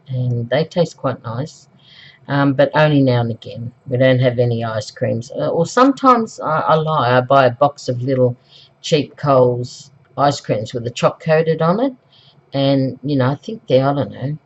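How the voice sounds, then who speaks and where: Slow, rambling middle-aged Australian woman. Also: very deep voice. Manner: rambling and chatty, with many ums and self-corrections. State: recovering from flu. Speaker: craft vlogger. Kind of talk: casual craft tutorial chat. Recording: dull, lo-fi home recording.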